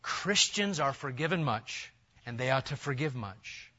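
Emphatic preacher man, loud then hushed. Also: medium pitch, expressive, unhurried. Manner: dramatic, swinging from loud emphatic bursts to hushed near-whispers. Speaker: pastor. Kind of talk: sermon. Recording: dull lo-fi church recording.

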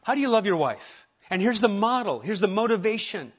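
A man's voice: high-pitched, sing-song, fairly quick, husky, muffled recording. A man preaching a sermon in a church, conversational, with rhetorical questions and light humor. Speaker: pastor. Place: church sanctuary.

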